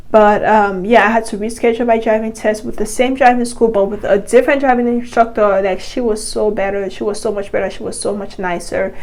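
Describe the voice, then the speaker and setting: A young woman vlogging a storytime to her viewers, with a slightly high voice. She rambles in a casual, chatty way, exasperated and padded with fillers as she retells what happened. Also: low-quality recording.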